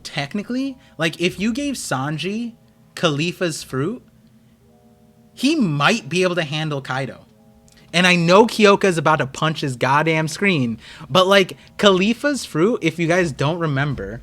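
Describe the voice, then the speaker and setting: A young American man hosting a live stream, chatting casually and excitedly with his viewers. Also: on the high side, moderate pace, faint music behind. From United States. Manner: rambling, excitable, talks to chat. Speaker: streamer host.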